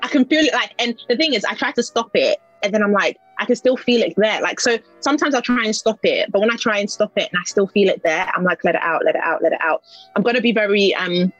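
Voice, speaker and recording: Husky young woman, candid chat. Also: mid-range voice, quick pace, hardly any pauses, fairly bright tone, no room sound, lo-fi sound, faint music behind. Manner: candid, emotional, often voices her own inner talk. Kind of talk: casual chat.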